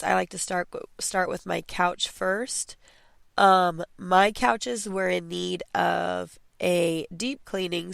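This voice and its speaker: A woman's voice: on the low side, creaky, no echo. A young adult woman hosting a casual clean-with-me podcast from home, chatty and encouraging, with many fillers and restarts. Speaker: podcast host.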